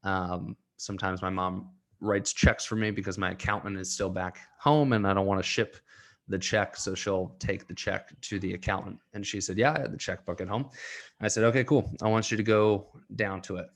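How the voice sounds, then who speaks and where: A man's voice: low-pitched, steady tone, normal speed. A young man hosting a solo podcast, talking earnestly and getting emotional, laughing through tears at times. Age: young adult. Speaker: podcast host and coach.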